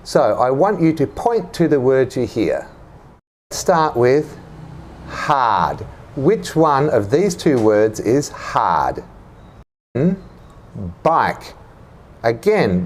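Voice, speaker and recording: A man teaching English vowel sounds with very slow, carefully spaced delivery. His pitch rises and falls a great deal as he models each word. He quizzes the listener and asks them to repeat after him. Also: sing-song, darkish tone, a little hiss or hum. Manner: drills words for repetition, quizzes the listener. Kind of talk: slow, clearly enunciated teaching.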